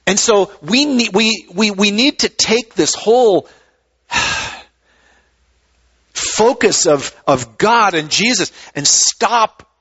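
A man's voice: high-pitched, animated, slow, pauses often, a bit bright, breathy edge, dull audio. A man preaching a sermon in a conversational way, often repeating words as he starts a thought. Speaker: pastor.

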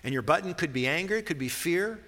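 A man's voice: a little high, animated, fairly quick, pushed and bright. A man preaching a sermon as a pastor, earnest and building to emphatic questions. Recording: long reverb of a large hall.

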